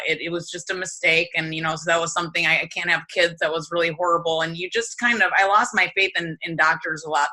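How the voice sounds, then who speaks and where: A woman hosting a support group video call, sharing her own story in a halting, earnest way with many restarts. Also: lowish voice, bright, forceful tone, poor audio.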